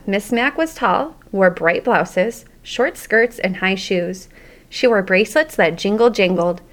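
A woman with a mid-range voice narrates a children's audiobook, telling the story in a lively, expressive way.

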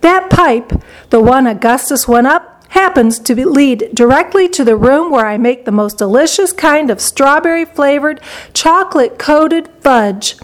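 A woman reading a storybook aloud and voicing an eccentric, excitable chocolate-maker with a theatrical, exclaiming manner. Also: high voice, moderate pace.

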